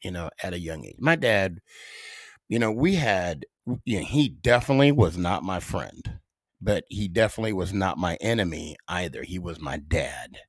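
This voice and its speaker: A middle-aged man hosting a casual solo podcast, telling stories with dramatic pauses. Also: deep voice, husky, no echo, clean studio sound. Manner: animated storyteller with dramatic pauses. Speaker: podcast host.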